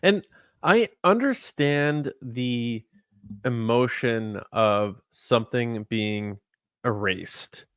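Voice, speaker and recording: Man, podcast co-host, casual chat, teasing, lively pitch, dry mic. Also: extremely slow, clean tone, no room sound.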